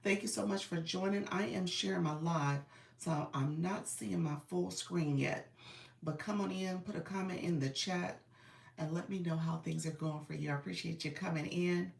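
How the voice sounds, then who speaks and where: A woman business coach hosting a casual livestream. She is under the weather and a bit raspy, and she greets viewers by name in an upbeat, encouraging way. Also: fairly low pitch, fairly even intonation, moderate pace, reverberant, far from the mic.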